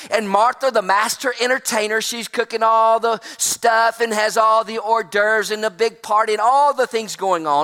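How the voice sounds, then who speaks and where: A man's voice: high voice, sharp tone. A man preaching a sermon as pastor, folksy and emphatic, stretching out key words. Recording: long hall reverb.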